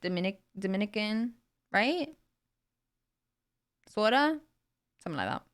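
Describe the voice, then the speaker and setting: A woman's voice: mid-range voice, measured pace, smooth. A young British woman livestreaming, chatting casually and playfully with viewers, laughing often. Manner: giggly, chatty, playful, animated with hand gestures.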